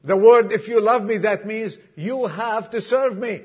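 High-voiced husky male preacher. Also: a little slow, muffled recording. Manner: emphatic preaching with acted-out dialogue and sudden soft drops. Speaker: pastor. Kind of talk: sermon. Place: church congregation.

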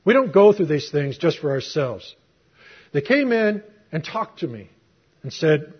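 Husky middle-aged male preacher. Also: on the high side, sing-song, a little slow. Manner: conversational storytelling with rhetorical questions. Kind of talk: sermon with personal testimony. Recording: muffled lo-fi recording.

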